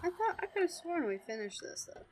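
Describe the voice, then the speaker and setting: A woman's voice: very high-pitched, very animated, fairly quick, darkish tone. A woman in a co-op gaming session, talking playfully and often asking questions about where to go. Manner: playful, questioning, hums along. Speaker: co-op gameplay host. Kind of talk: casual gaming chat. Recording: faint background noise.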